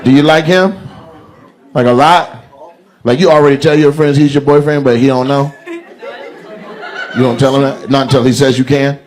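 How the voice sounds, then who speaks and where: A man doing stand-up crowd work on a club stage, loud, slangy and laughing as he talks into a handheld mic. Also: medium pitch, normal speed, long pauses. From Midwest United States. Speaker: stand-up comedian. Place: comedy club stage before a live audience.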